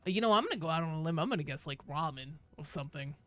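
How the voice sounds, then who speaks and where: A woman in her thirties streaming a game, chatting casually with viewers, joking and sometimes bursting into loud swearing. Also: low voice, expressive, racing, soft background music. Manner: chatty and jokey, breaks into loud swearing outbursts. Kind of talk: casual live-stream chat answering viewers.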